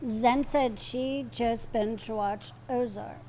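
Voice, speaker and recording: A woman in her fifties co-hosting a relaxed livestream chat. She drops in short, teasing remarks in a somewhat higher voice. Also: slow. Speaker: co-host.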